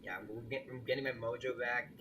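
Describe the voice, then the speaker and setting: A man's voice: mid-range voice, level tone, fairly quick, noisy background. A young man streaming a game live, chatting casually and teasing his viewers. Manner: playful, teasing, restarts often, laughs at chat.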